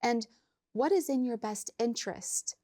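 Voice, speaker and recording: A woman's voice: fairly high pitch, warm tone. Woman explaining finances step by step. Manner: measured, explains in plain steps. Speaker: financial advisor. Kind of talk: explanatory talk-show chat.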